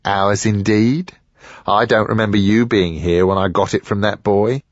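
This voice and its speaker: A man's voice: lowish voice, fairly even intonation, moderate pace, dry recording, lo-fi sound, close to an everyday voice. A man voicing a greedy, sly older antique dealer who wheedles and mutters sourly. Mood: suspicious.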